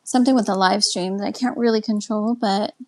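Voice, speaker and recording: A woman's voice: medium pitch, steady tone, brisk. A Texan woman hosting a casual live stream, chatting and greeting viewers as she answers their comments one by one. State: winding down, a little tired. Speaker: live stream host and life coach. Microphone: webcam.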